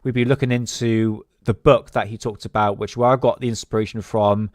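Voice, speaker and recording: A man's voice: lowish voice, level tone, brisk, darkish tone, no room sound, clean studio sound. A man hosting a casual solo talk, rambling with many fillers and restarts. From England. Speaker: host.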